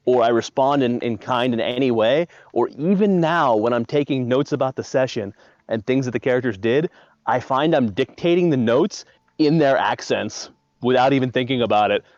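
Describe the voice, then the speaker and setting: Man game master, rambling, stumbling over his words, mid-pitched voice, dry and muffled lo-fi stream audio. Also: moderate pace, darkish tone, no echo. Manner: rambling, stammers and repeats words. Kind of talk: casual chat after a tabletop game stream. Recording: dull dry lo-fi stream mic.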